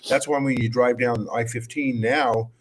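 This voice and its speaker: A man's voice: mid-range voice, steady tone, normal speed, slight background noise. A man on a round-table talk show, chatting wryly about everyday gripes. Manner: chatty, wry complaints. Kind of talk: casual round-table chat.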